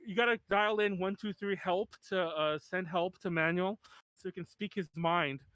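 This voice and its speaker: High-voiced rambling podcast host man. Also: fairly even intonation, moderate pace, fairly bright tone, smooth, no echo. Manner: rambling, full of "like" and restarts, laughs often. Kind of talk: casual podcast chat.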